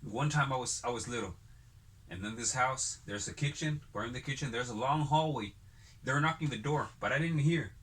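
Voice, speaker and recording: A man's voice: medium pitch, moderate pace, fairly bright tone. A man hosting a casual podcast chat, telling long rambling stories full of cursing. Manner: rambling profane storyteller.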